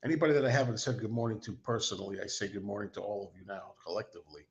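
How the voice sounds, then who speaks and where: A man's voice: on the low side, steady tone, very fast, highs cut off. A man hosting a casual livestream, rambling and self-deprecating, talking as an enthusiastic fan. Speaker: host.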